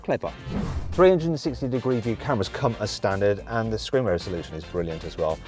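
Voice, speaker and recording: A man's voice: on the low side, expressive, brisk, a little mellow, faint music behind. A man from the English Midlands with a British accent, presenting a car review in an upbeat, playful, chatty way. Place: in and around a car.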